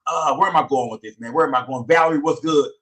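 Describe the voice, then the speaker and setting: A man hosting a livestream, reading chat names rapid-fire in loose, slangy, profane talk. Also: on the high side, fairly bright tone, far from the mic. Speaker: livestream host. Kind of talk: casual livestream commentary and chat shout-outs.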